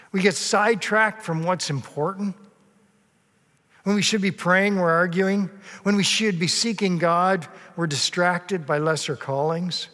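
A man's voice: fairly high pitch, a bit bright. A man preaching a sermon, telling a story earnestly and sometimes acting out the people in it. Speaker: pastor. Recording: long hall reverb.

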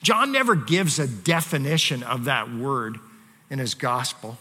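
A man's voice: mid-range voice, lively intonation, unhurried, bright, forceful tone, slightly rough, long reverb tail. A man preaching a sermon as pastor, talking in a conversational way with frequent fillers and asides to the congregation.

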